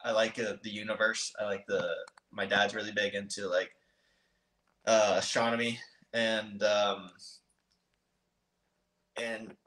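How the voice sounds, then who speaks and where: A man's voice: fairly low pitch, little pitch movement, unhurried, pauses often, bright, forceful tone. A young man in his twenties, a podcast guest, chatting casually and hesitantly with many ums and restarts. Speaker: guest, motocross racer. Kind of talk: casual interview chat. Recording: roomy echo.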